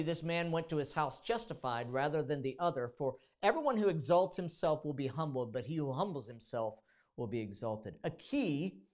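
Male pastor, informal sermon delivery with frequent restarts, dramatizes prayers in a raised voice. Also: on the high side.

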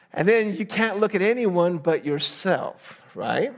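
A pastor from the Southern United States preaching a sermon, talking conversationally and often checking with the congregation with "right?". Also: male voice, high voice, sing-song, slow pace, long reverb tail, lo-fi sound.

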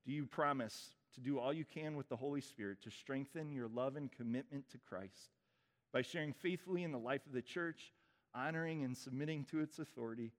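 A man as pastor, leading a baptism liturgy with relaxed, informal asides between the formal vows. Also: medium pitch. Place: church sanctuary. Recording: reverberant church hall.

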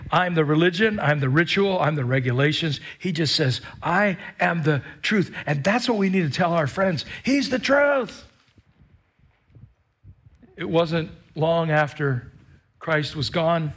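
A man's voice: on the high side, slightly rough. A man preaching a sermon, emphatic, repeating key phrases and joking with the congregation. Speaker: pastor.

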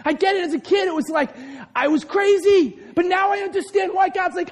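A man preaching a sermon as pastor, loud and passionate, swinging between shouts and quieter asides. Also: very high voice, steady tone, normal speed. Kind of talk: energetic sermon. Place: large hall or church. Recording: echoey hall.

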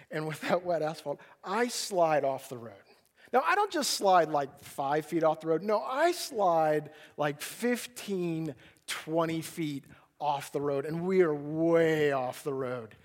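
A male pastor preaching a sermon, telling a personal story with animated delivery and acting out his own panicked voice. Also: sits high, brisk.

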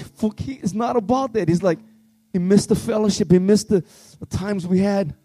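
High-voiced fervent preacher man. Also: moderate pace, no echo. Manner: fervent, pleading, swings between shouting and hushed tones. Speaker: worship leader. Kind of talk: impassioned youth revival sermon.

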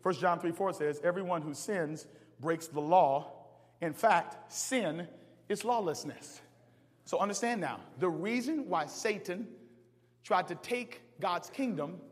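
A pastor preaches with a very high, lively voice, rising and falling in pitch. He drops to quiet talk, then hollers at full force. His voice carries through the long echo of a big church hall. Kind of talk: sermon. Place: church sanctuary. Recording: long reverb of a large hall.

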